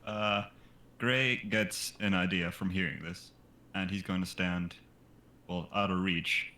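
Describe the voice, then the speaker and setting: A man with a very deep voice describes his character's moves at a tabletop game. He thinks aloud with hesitant fillers. His mic picks up an echoey room. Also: fairly even intonation, takes it slowly, sharp tone. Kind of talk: casual game-table talk.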